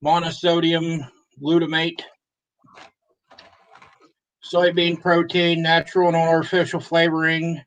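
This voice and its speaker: A man's voice: a little high, completely flat delivery, unhurried, long pauses, fairly bright tone, low-quality recording. A man co-hosting a casual live stream, joking and cursing as he reads a snack's ingredient list.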